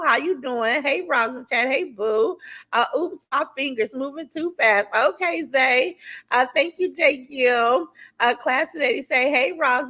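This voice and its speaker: A woman hosting a casual livestream, greeting viewers by name and chatting in a lively, talkative way with features, swearing now and then. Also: high-pitched. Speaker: livestream host.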